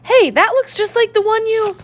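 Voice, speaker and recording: A woman's voice: extremely high pitch, animated, normal speed, voice pushed up. A woman voicing a nervous, reluctant young boy in a storybook, asking anxious questions in a raised, strained voice. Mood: worried questioning.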